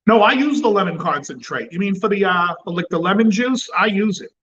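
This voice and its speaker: A man's voice: sits high, animated, brisk, fairly bright tone, highs cut off. A man hosting a cigar channel, chatting casually and bluntly with plenty of swearing. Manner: blunt and profane. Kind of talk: casual livestream chat.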